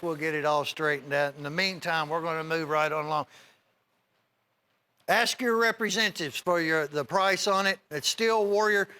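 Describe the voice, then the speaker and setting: A middle-aged man hosting a TV shopping show, giving a folksy, rambling sales pitch straight to viewers. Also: bright, forceful tone. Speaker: TV shopping host.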